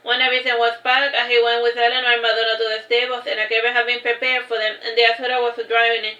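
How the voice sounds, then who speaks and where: A woman's voice: a little high, level tone, fast talker, bright, forceful tone, roomy sound, dull audio. A woman reading her own novel aloud in a casual way, breaking off with chatty asides and restarting lines. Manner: loose, with restarts and chatty side remarks.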